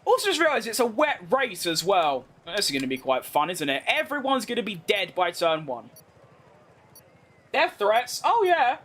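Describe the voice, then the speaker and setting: A man with a London accent streaming a racing game, chatting with viewers and yelling excitedly at the race. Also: high-pitched, normal speed. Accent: London English. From London, England. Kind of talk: live gameplay commentary and chat.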